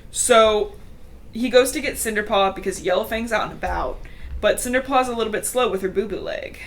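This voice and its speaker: A woman's voice: medium pitch, a bit bright, a little hiss or hum. Chatty giggly woman recapping a book. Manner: chatty, giggly, lots of filler "like". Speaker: podcast host. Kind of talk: casual book recap chat.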